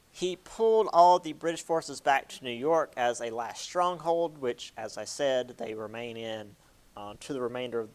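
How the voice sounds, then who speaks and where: A man's voice: a little high, smooth. A man giving a casual history lecture, chatty, with many fillers and playful quoted asides.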